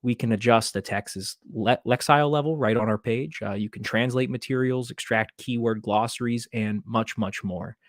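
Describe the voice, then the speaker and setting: A man's voice: medium pitch, moderate pace, hardly any pauses, dry recording, studio quality. A man who teaches middle school presents a webinar demo, explaining things steadily with the occasional filler. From Maryland, USA.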